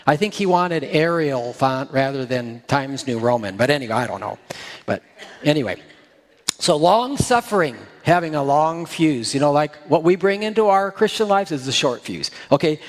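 Folksy pastor preaching in a reverberant hall. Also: male voice, fairly high pitch. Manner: folksy, joking asides. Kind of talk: sermon.

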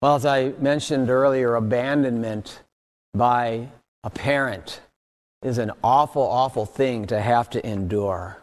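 Man in the pulpit, unhurried earnest preaching that swells on key points, reverberant hall sound. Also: mid-range voice. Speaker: pastor. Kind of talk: sermon.

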